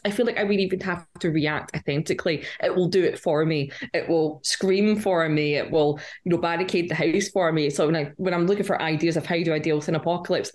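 A Scottish woman, a podcast guest, chatting casually and joking at her own expense with frequent laughs. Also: on the low side. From Scotland. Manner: joking, self-mocking, laughs often. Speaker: guest, game writer.

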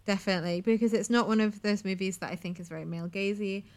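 A woman's voice: mid-range voice, fairly even intonation, fast. A woman co-hosting a casual podcast chat, talking chattily and saying "like" often. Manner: chatty, heavy use of "like". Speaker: podcast co-host.

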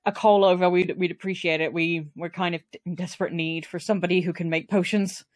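A woman's voice: lowish voice, steady tone, fairly quick, no room sound. Hesitant woman player with a dry sound. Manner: hesitant, repeats words, laughs often. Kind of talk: casual tabletop game chat.

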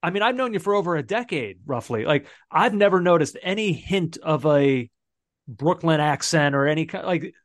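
A man co-hosting a casual sports podcast, with a dry, deadpan, teasing humor. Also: on the high side, normal speed, no echo. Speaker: podcast co-host.

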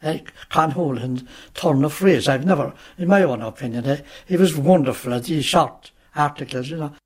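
A man's voice: on the high side, normal speed, a little mellow, husky. A man recalling old times in an interview, explaining things with digressive asides. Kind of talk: reminiscing interview.

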